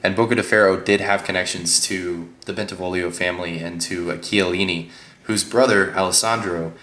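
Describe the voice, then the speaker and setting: A man's voice: low voice, steady tone, brisk, pushed and bright, echoey room. A man hosting a casual podcast discussion, rambling along with many fillers. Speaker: podcast host.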